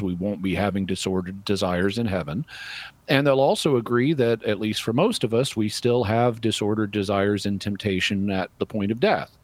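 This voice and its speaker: A man's voice: fairly low pitch, dry recording. A man answering a caller's question on a call-in radio show, reasoning through a point step by step. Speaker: radio show guest apologist.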